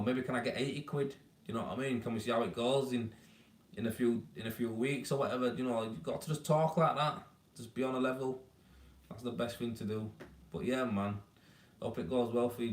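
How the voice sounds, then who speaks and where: Recorded in an echoey baby's room at home, a fairly low-pitched man from Leeds, England, speaks with a Yorkshire accent. A tradesman hosting a weekly live Q&A stream, he chats bluntly and casually, calling viewers "mate" and handing out down-to-earth advice.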